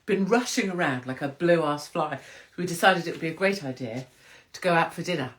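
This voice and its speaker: A woman's voice: low-pitched, animated, a little fast. A woman hosting a casual livestream chat, cheeky and self-mocking, laughing often. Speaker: livestream host.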